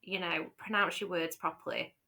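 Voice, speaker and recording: This Yorkshire woman co-hosts a podcast, her light accent coming through as she rambles in casual chat, full of fillers and false starts. She speaks at a normal speed in a fairly low, bright, forceful voice with fairly even intonation.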